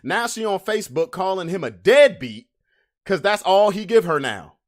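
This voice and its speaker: Animated man hosting a livestream podcast. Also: sits high. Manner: animated, drawn-out emphatic delivery, loose slang. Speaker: podcast host reading memes to chat. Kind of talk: casual livestream chat.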